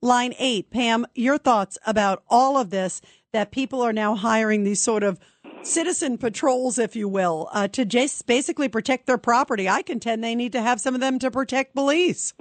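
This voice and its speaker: A woman's voice: a little high, moderate pace, dry recording. A woman hosting a call-in radio talk show, chatting with callers and asking their views. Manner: conversational, asks callers questions.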